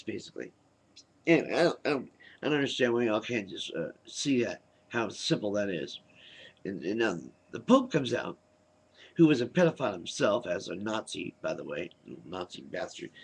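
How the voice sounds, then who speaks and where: A man's voice: mid-range voice, gravelly, husky. A man ranting heatedly into his webcam, combative and cursing, firing rhetorical questions at his viewers. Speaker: vlogger. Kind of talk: angry webcam rant.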